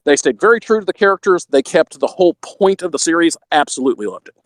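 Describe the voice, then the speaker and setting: A man's voice: a little high, expressive, quick pace, no echo. A man from Texas with a Texan accent, a podcast guest chatting casually, laughing between thoughts, with a slight radio voice on.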